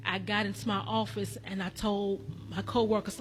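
A woman's voice: mid-range voice, level tone, moderate pace, soft background music. A woman preaching a testimony sermon as a church elder. She speaks to the congregation directly, repeating her lines in a rhythmic preaching cadence.

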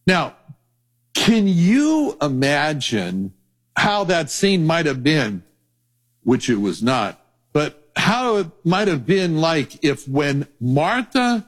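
A male Bible teacher preaching a sermon in a conversational, animated storytelling way, acting out voices. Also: a little high.

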